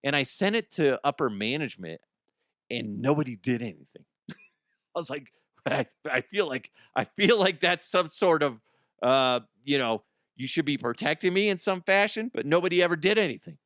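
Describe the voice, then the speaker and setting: A man who is a radio host, telling a casual comedic story, animated, swearing and laughing as he talks. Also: on the high side, normal speed, no echo, clean studio sound. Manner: animated, swearing, laughs often, slips into voices.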